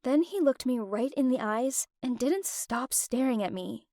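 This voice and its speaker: A woman narrating an animated first-person story in an emotive, expressive way. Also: high-pitched, a little slow, dry recording, clean studio sound. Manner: emotive, with wide swings of expression.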